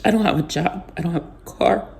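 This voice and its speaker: Tired teary woman vlogging, mellow low-key voice, halting, sometimes whispering. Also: gravelly, a little hiss or hum. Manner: tearful, halting, voice drops to near whispers. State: emotionally exhausted, close to crying. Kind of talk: emotional personal vlog.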